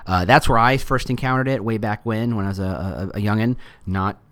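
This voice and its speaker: A middle-aged man hosting a casual solo podcast, talking in an animated way with joking asides and quick put-on voices for quotes. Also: lowish voice. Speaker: podcast host.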